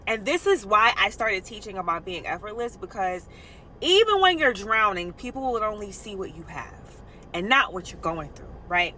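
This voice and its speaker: Woman, bright sharp voice, frank, emphatic, swears, casual vlog talk from a car. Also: mid-range voice, sing-song, moderate pace, a little hiss or hum, low-quality recording. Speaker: nurse and vlogger.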